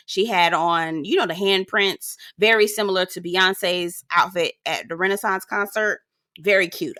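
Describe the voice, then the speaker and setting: Sassy, blunt woman with a bright voice. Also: lowish voice, no room sound, studio quality. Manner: sassy, blunt, swears freely, acts out quotes. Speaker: reality TV reviewer. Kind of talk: casual recap commentary.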